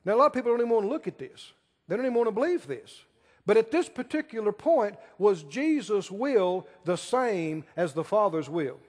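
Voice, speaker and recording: A male pastor preaches with a high, swooping voice that rises and falls dramatically. He takes his time and stretches out key words, throwing questions at the congregation. The sound carries a long echo from a large hall. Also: lively intonation, brisk, darkish tone. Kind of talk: sermon.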